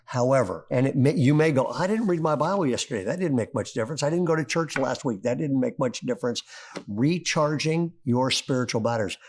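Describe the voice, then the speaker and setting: A middle-aged male pastor preaching a sermon, telling a story with rising excitement. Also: mid-range voice. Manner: animated storyteller, voice climbing when excited.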